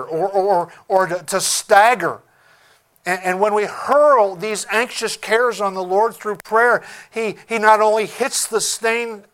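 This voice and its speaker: A male pastor preaching a sermon in an emphatic, deliberate way, often repeating words as he searches for them. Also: sits high, a bit bright.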